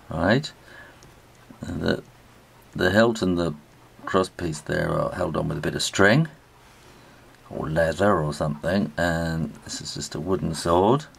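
A man's voice: low voice, vocal fry, slightly rough. A middle-aged British man giving a chatty spoken drawing tutorial, talking as he draws and often trailing off and restarting. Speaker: illustrator teaching drawing.

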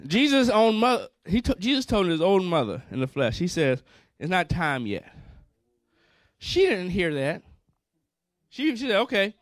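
A man preaches with a high, fervent voice, repeating phrases and calling out for the congregation to answer him. His Black colors every line. The sound is dry and close, with little room around it. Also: sing-song, normal speed, no room sound. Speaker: pastor. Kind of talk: sermon.

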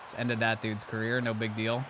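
A young man giving loud, excited commentary while playing a hockey video game, trash-talking and cheering. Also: on the low side, normal speed, heavy background noise. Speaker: gaming channel host.

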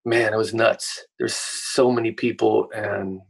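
A man, a musician guest on a podcast, telling stories in a laid-back, relaxed way. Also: fairly low pitch, measured pace, vocal fry, husky. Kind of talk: casual chat.

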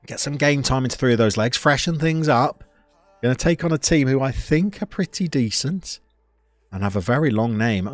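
A man live-streaming a football management game, chatting to viewers and reacting loudly to the play. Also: medium pitch, no room sound.

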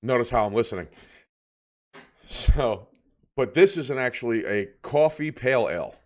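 Dude on a beer podcast, laid back, chatty, kinda rambly, mid pitch voice. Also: male voice, moderate pace. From New Jersey. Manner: relaxed, rambling descriptions with filler words. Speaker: podcast co-host. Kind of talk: casual beer review chat.

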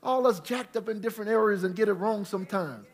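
High-voiced preacher, shouting praise. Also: male voice, quick pace. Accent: St. Louis Black American Southern-tinged. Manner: swings from quiet storytelling to loud shouted praise. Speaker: pastor. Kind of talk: preaching a Bible study sermon. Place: church sanctuary with congregation.

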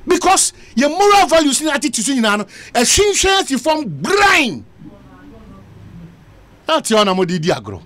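A man's voice: very high voice, wildly swooping pitch, a little slow, long pauses, fairly bright tone. A Ghanaian man hosting a radio talk show, arguing with passion and switching between Twi and English. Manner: impassioned, ranting, mixing Twi and English. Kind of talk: heated talk radio debate.

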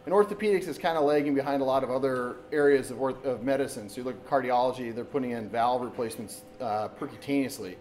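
Conversational surgeon giving a community talk. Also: male voice, medium pitch, quick pace, hardly any pauses, a little mellow, poor audio. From Wisconsin, US. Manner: conversational, with frequent restarts and "so basically". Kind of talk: informal public lecture. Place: meeting room with an audience. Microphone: camera recording in the room.

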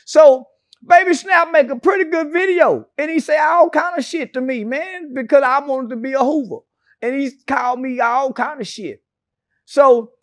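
A man's voice: extremely high pitch, no room sound, studio quality. A man being interviewed, telling stories in a brash, profane and mocking way with sarcastic asides. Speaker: interview guest. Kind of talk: casual interview storytelling.

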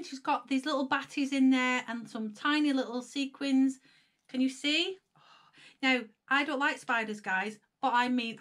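A woman's voice: fairly high pitch, a bit bright. A woman chatting casually to camera as she unboxes and reviews jewellery, often calling her viewers guys. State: emotional, voice dropping while reading a letter.

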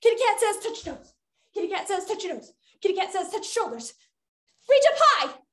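A woman's voice: very high voice, very animated, fairly quick, fairly bright tone, full character voice. A woman voicing a playful, cheery female cat who hosts a children's game, bouncy and sing-song with delighted gasps. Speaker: children's entertainer. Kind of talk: kids' game and storytime performance.

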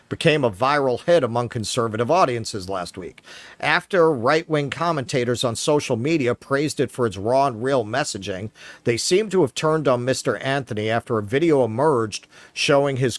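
A man's voice: mid-range voice, no echo. Sarcastic New York man, dry studio sound. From Queens, New York. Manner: sarcastic, profane, reads news aloud with mocking asides. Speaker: podcast co-host. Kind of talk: casual political commentary.

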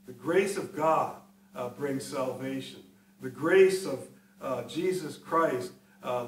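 A man in his sixties, a pastor preaching a sermon in an unhurried, conversational way with personal stories. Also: a little high. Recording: roomy echo from a distance, faint hiss.

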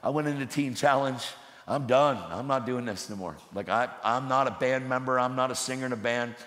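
A man preaching a sermon in a church, swinging from loud, urgent bursts to hushed, low passages. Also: brisk. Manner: intense, swings from shouting to hushed. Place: church sanctuary. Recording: roomy hall with long reverb.

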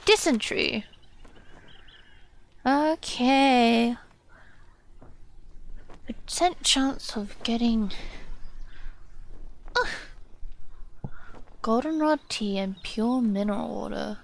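A young woman streaming a game live, chatting casually and excitedly as she thinks aloud about what she is doing. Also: a little high, drawn-out words, gravelly, pauses often. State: yawning, a bit sleepy.

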